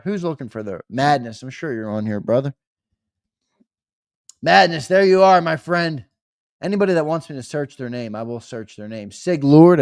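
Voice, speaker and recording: A young man hosting a casual live stream, chatting with viewers and reading names off a list in a lively, teasing way. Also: a little high, no echo, studio quality. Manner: lively, teasing, talks straight to chat with "brother". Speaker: host of a sports live stream.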